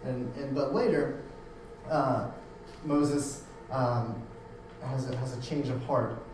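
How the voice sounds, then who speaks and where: A man's voice: medium pitch, steady tone, takes it slowly, a little mellow. Echoey preacher man, talking off-mic. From United States. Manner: conversational, repeats words and restarts often. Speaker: pastor. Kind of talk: sermon. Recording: very echoey room, voice from a distance, faint hum.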